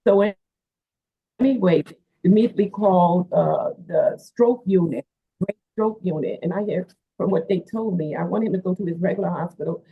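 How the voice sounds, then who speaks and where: A woman's voice: lowish voice, moderate pace, creaky, husky. A woman, a wrestler's manager and caretaker, telling a story in a rambling way with many fillers, heard over a phone-like line. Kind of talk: casual interview storytelling.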